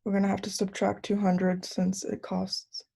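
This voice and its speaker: A woman's voice: medium pitch, completely flat delivery, normal speed, gravelly, mellow, breathy edge. A young woman student answering questions in an online class, hesitant and unsure.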